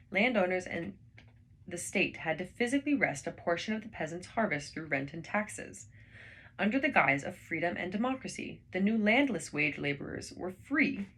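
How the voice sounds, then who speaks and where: Reader: woman, low husky voice, calm measured book reading. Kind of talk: reading books aloud.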